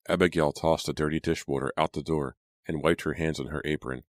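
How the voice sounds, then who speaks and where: A man narrating a horror audiobook in a measured storytelling manner. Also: extremely low pitch, steady tone, dry recording, studio quality. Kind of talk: scripted narration.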